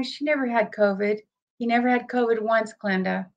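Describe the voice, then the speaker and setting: Vlogging from home in a fairly high voice at normal speed, a woman chats casually with her viewers and her dogs during a livestream, teary-eyed. The recording sounds muffled.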